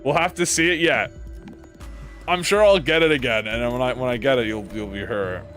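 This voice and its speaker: A man's voice: mid-range voice, fairly quick, fairly bright tone, soft background music. A man streaming a game, chatting casually with rambling, profane talk and stammered restarts. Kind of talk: casual live-stream chat.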